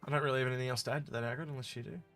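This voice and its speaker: A man co-hosting a casual gaming podcast, reading out viewer questions and musing about them in a relaxed way that often trails off. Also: mid-range voice, racing, faint music behind.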